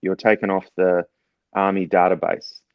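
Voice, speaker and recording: Man, middle-aged, New Zealand accent, lowish voice, measured storytelling, dry muffled recording. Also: little pitch movement, clean tone, no echo. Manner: measured and reflective, with frequent fillers. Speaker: guest, former special forces officer turned doctor. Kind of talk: casual storytelling in conversation. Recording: slightly dull, muffled sound.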